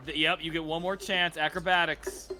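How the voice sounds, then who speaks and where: Male game master, higher voice, bright tone, relaxed and joking, faint music behind. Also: normal speed. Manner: laid-back, joking, swears casually. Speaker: dungeon master. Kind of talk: narrating a tabletop game.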